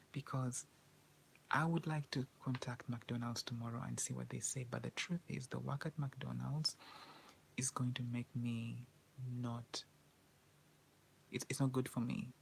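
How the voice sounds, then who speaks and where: Whispering anxious woman, gravelly and flat. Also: a bass voice, slight background noise, poor audio. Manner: rambling, repetitive, anxious. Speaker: vlogger. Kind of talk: whispered personal monologue.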